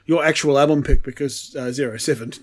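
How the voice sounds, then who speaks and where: A man co-hosting a casual music podcast, talking in an animated, swearing way from a kitchen. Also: mid-range voice. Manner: animated, swearing, fast tangents. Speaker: podcast co-host. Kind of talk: casual chat.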